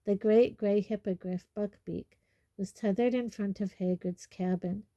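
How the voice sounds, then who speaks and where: A woman narrating a storybook chapter in a measured, expressive reading. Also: mid-range voice, no room sound. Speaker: audiobook reader.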